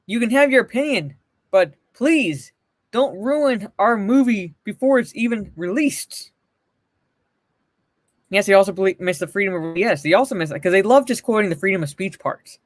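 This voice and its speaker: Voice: medium pitch, expressive, normal speed, dry recording. A livestream host giving blunt, profane, mocking commentary and answering chat messages.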